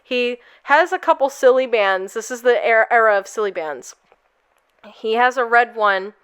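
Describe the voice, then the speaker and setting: A woman's voice: fairly high pitch, animated, moderate pace, fairly bright tone, clean tone. A young woman co-hosting a podcast, telling a long story in a rambling, casual way full of fillers. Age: young adult. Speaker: podcast co-host.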